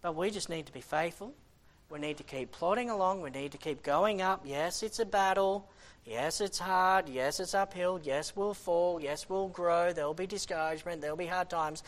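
A man preaching a sermon as a missionary, impassioned, swinging between loud exhortation and quiet, sighing asides. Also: high-pitched, normal speed.

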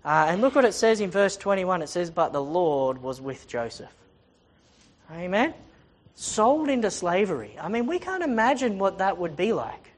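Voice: medium pitch, sing-song, normal speed. A preacher giving a sermon, reading scripture aloud and retelling it in casual everyday words, stressing points by repeating phrases.

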